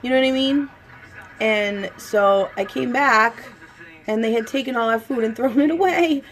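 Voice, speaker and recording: A woman's voice: fairly high pitch, moderate pace, low-quality recording. A young woman and mother chatting casually at home while doing her makeup, telling stories and saying "like" a lot. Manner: chatty storyteller, says "like" a lot. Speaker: vlogger and mother.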